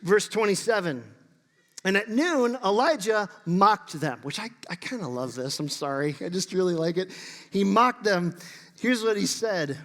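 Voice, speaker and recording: Male pastor, sermon delivery, a touch higher than usual, reverberant church hall, joking asides. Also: animated, measured pace, fairly bright tone. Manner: playful, sarcastic asides between scripture readings. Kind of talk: sermon reading and explaining scripture. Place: church sanctuary.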